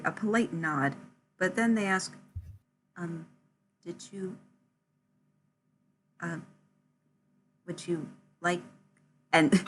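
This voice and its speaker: Slow, hesitant woman with a lowish voice. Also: a bit bright, a little hiss or hum. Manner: slow, hesitant narration with many fillers. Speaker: player. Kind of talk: playing a tabletop game over voice chat.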